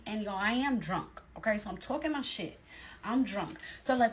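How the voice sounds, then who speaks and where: A woman's voice: on the high side, fairly quick, slight background noise. A woman telling a personal story in casual storytime style, talking straight to her listeners with lots of emphasis.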